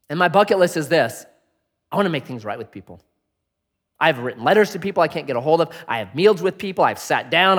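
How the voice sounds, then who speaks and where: Male pastor, animated sermon delivery, bright-ish voice, big hall reverb. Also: a little high, slightly rough. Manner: animated preaching, swings from loud to hushed.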